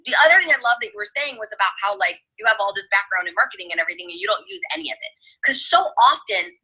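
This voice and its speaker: A woman's voice: medium pitch, expressive, rapid-fire, bright, forceful tone, husky, rough recording. A woman hosting a casual chat, talking emphatically and turning to address her listeners directly. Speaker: host.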